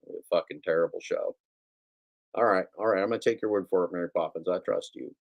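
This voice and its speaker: Here a livestream host with a slightly low voice speaks fast over lo-fi sound from his home computer setup. It's loose, unscripted talk, heavy on profanity, self-mockery and repeated lines.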